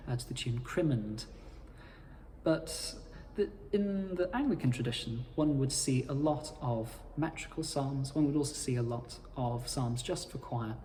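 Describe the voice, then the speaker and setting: Measured man teaching in an echoing space. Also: medium pitch, a little mellow, slight background noise. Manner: measured, explanatory, formal phrasing. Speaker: cantor and psalm teacher. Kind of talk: instructional talk. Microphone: playing his own accompaniment.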